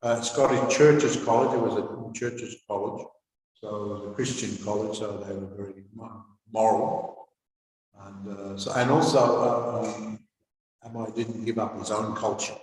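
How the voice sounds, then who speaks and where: A man giving a devotional scripture class, reading aloud and then commenting in a halting way, with many fillers and restarts. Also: on the low side, steady tone, a little mellow. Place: temple hall. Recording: echoey hall, voice from far off.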